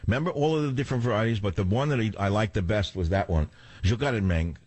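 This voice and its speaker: A man's voice: lowish voice, animated, rapid-fire, darkish tone, dry recording. An older man hosting a talk radio show, theatrical and wisecracking, chatting with callers and musing on air. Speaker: radio host. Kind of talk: talk radio chat and monologue.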